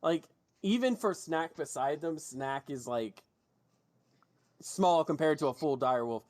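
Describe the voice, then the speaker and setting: A man's voice: on the high side, animated, a little slow, a little mellow. A man narrating a tabletop game as game master, casual, with frequent restarts and swearing.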